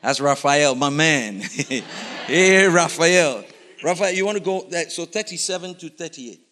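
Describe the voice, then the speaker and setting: A man preaching a sermon in a lively, animated way, constantly putting questions to his congregation, in a church. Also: on the high side, a little slow, a little hiss or hum. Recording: reverberant hall.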